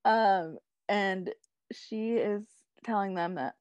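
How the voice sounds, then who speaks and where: With a creaky, darkish mid-range voice and a measured pace, a young woman recaps a TV episode as a podcast co-host. The chat is casual and rambling, heavy on "like" and "um," and she laughs often; there's no room sound.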